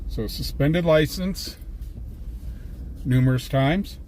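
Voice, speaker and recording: A man's voice: fairly high pitch, takes it slowly, darkish tone, a little hiss or hum. An older man, an independent reporter on a live stream, telling a long amused story in a rambling, casual way, with many restarts, from inside a vehicle. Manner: rambling, amused anecdote-teller with frequent restarts. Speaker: independent scanner-chasing reporter.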